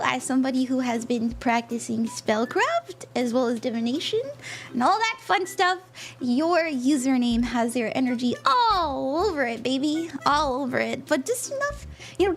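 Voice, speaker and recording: A woman's voice: sits high, very animated, normal speed. A young woman chatting casually with viewers on a live stream as a tarot reader, bubbly and giggly. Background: faint background music.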